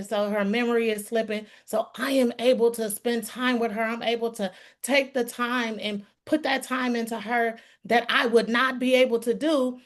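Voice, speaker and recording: A middle-aged woman on an online group call, giving a heartfelt testimonial in an earnest, folksy way and calling listeners "y'all.". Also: on the high side. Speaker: guest speaker giving a testimonial.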